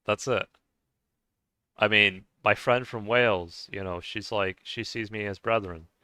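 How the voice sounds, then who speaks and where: A man's voice: on the low side, unhurried, pushed and bright, smooth, no echo. A man ranting casually to his viewers in a rambling way, with many restarts and fillers and frequent swearing. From United States. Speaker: vlogger. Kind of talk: casual rant to camera.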